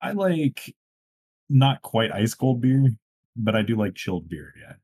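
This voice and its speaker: A man's voice: mid-range voice, sing-song, unhurried, a little mellow, breathy edge. A man co-hosting a podcast in casual chat, teasing his partner with dry remarks. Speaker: podcast co-host.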